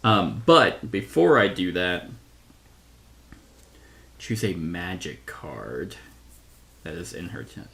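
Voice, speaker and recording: Slow, low-voiced man thinking aloud. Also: big pitch swings, creaky, a bit bright, slight background noise. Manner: thinks aloud, reads card text, self-correcting. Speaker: board game reviewer. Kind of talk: solo tabletop playthrough.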